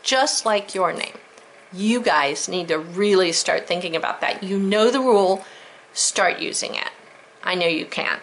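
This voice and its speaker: A woman teacher leads a recorded spelling lesson at an unhurried pace, spelling words out letter by letter. Her voice sits at an ordinary middle pitch. A faint hum runs beneath it. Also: fairly bright tone, poor audio. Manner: slow, clear, sounding out words and letters. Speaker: elementary school teacher.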